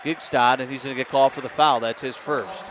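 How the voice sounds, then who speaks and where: A man calling live basketball play-by-play, quick and excitable, rising on big plays. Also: medium pitch. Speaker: play-by-play announcer. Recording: noisy gym broadcast.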